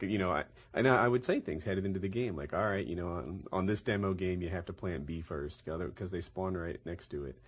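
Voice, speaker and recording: A man's voice: deep voice, husky. A young man chatting casually with friends about gaming, rambling and correcting himself as he tells stories. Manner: rambling, self-correcting storyteller. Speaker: YouTube gamer, podcast host. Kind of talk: casual group chat.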